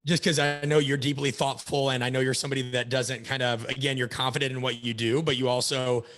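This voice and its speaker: A man speaking as a podcast guest, telling stories in an animated, emphatic way and acting out bits of dialogue. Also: mid-range voice, fast. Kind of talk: energetic conversational storytelling.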